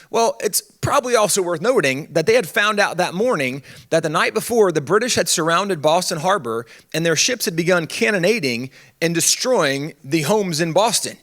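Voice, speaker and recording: A man addresses a conference crowd from the stage, his fairly high voice swinging widely as he talks. He keeps it conversational and funny, slipping in quick asides as he goes. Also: animated, a bit bright. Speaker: conference speaker on history. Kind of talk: animated conference talk.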